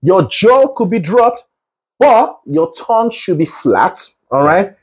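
A man's voice: sits high, big pitch swings, slow pace, husky. A man coaching a student through a singing lesson, explaining breath control with analogies and encouragement. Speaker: vocal coach.

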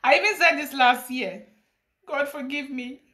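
A Ghanaian woman speaks in a high, bright voice on a live stream. She talks in a dramatic, preachy confessional style, switching between English and Twi. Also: a little slow. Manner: preachy, dramatic, laughing storytelling mixed with Twi. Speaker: livestreamer confessing. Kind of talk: Facebook live confessional monologue.

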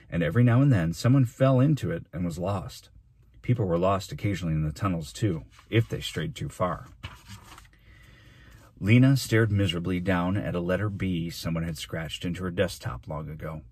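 A man, a teacher, reading a children's novel aloud in steady storytelling narration. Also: low-pitched, husky, dry recording.

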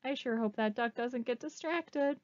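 A woman librarian reading a picture book aloud to children, pausing to ask them questions. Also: a little high, no room sound. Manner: animated, asks children questions. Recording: dull, slightly muffled recording.

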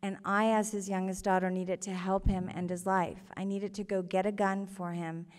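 A woman telling her own story live on stage before an audience, earnest and halting, with emotion in her voice. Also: mid-range voice, little pitch movement, in a large hall.

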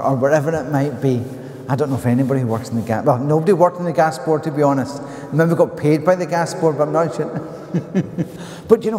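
Northern irish guy preaching, mellow voice, lots of restarts, echoey church. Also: medium pitch. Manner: earnest, storytelling with frequent restarts. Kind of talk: sermon.

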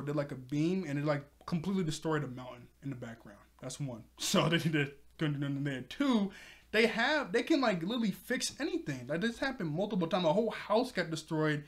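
Recapping a cartoon episode, a man with a slightly higher voice chats in a loose, casual way. He's excitable and talkative, stuffing his speech with filler words and laughing often.

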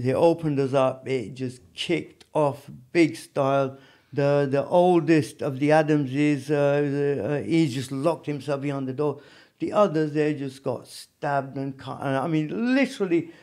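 Animated high-voiced man. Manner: animated, peppered with "you know what I mean". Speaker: podcast guest, former prisoner. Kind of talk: storytelling in a casual interview.

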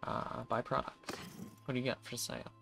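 A man's voice: medium pitch, level tone, normal speed, gravelly, fairly bright tone, faint music behind. Wry, cursing male game streamer. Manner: profane, wry, talking to himself. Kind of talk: casual gameplay commentary.

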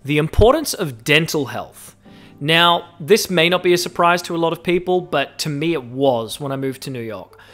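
A young man with an Australian accent hosts a solo podcast and speaks on the higher side for a man. His delivery is animated and jokey, and he stretches out words as he runs through lists. A bit of soft music plays underneath. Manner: animated, joking, drawn-out stresses on lists. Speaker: podcast host. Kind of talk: casual solo podcast monologue.

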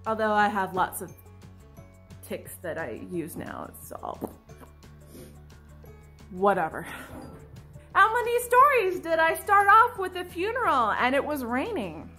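A woman's voice: high-pitched, wildly swooping pitch, measured pace, pauses often, bright, forceful tone, faint music behind. Dramatic self-mocking young woman vlogger. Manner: dramatic, self-mocking, laughing, mock-anguished outbursts. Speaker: writing vlogger. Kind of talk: casual confessional vlog.

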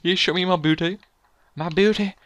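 A man's voice: high-pitched, brisk, no echo. A young man hosting a casual let's play, joking around and saying "literally" a lot. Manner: jokey, excitable, says "literally" a lot. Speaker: gaming channel host.

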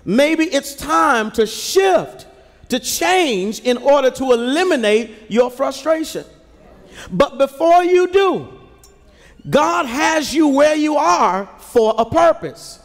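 A male pastor preaching a sermon from the pulpit, building to shouts and calling on the congregation to answer him. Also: very high-pitched, expressive, slow pace. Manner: preaching with rising shouts and call-and-response to the congregation. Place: large church sanctuary. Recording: live church recording with long hall reverb.

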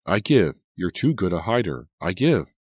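A man's voice: deep voice, sing-song, moderate pace, dry recording, clean studio sound, pitched above the performer's own voice. A man voicing an anxious teenage girl babysitter in an audiobook, calling out in a pleading, jumpy way. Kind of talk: audiobook character voice.

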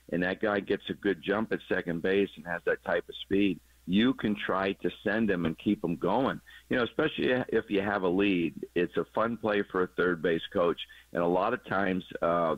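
Deep-voiced man breaking down baseball plays. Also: no echo. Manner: explanatory, chuckling at his own jokes. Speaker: former third base coach, radio guest analyst. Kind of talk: casual sports radio chat. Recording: dull lo-fi broadcast audio.

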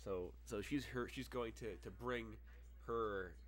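A young man with a lowish voice narrates a tabletop game as game master. He talks in loose, halting bursts packed with "like" and "uh." His delivery is casual and unscripted. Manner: halting, filler-heavy narration.

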